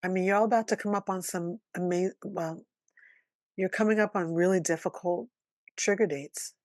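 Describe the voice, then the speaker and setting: A woman's voice: fairly low pitch, normal speed, no echo, studio quality. A woman podcast co-host chatting casually, teasing her partner and chiming in with encouraging remarks. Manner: teasing, lively interjections, encouraging. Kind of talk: casual chat.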